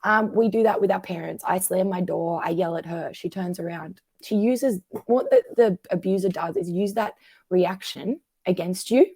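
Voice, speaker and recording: A woman's voice: fairly low pitch, moderate pace, husky, no echo, clean studio sound. A woman therapist in a conversational podcast, explaining patterns and acting out what people say. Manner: acts out quoted voices, animated.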